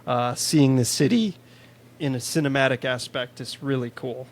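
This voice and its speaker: A Chicago man co-hosts a podcast, casually discussing a film, cursing freely, and reading out trivia. His voice is mid-range and he talks at a normal speed.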